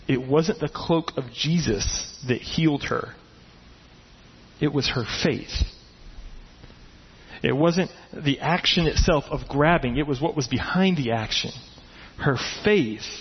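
Man, pastor, sermon, acts out voices, husky, echoey hall. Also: a little high, moderate pace. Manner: animated storytelling, acting out voices. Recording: dull, echoey hall recording.

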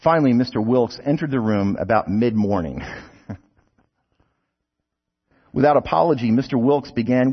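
A man's voice: medium pitch, expressive, a little slow, long pauses, husky. A man preaching a sermon, telling stories with rhetorical questions and light asides, in a dull recording with a long hall echo.

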